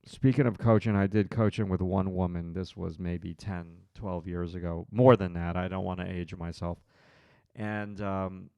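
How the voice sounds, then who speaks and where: Low gravelly guy running a live drawing lesson, talking to chat while he sketches, dry close sound. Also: dark tone, dry recording. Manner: thinks aloud while drawing, talks to viewers in chat. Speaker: art instructor hosting a live stream. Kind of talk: live drawing tutorial, chatting with viewers.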